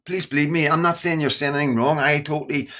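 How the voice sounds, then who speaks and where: A man's voice: on the high side, fairly even intonation, fast talker, fairly bright tone. A middle-aged man with a Scottish accent, talking casually and earnestly to his viewers, rambling and repeating himself as he goes. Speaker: YouTuber. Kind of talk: casual straight-to-camera talk.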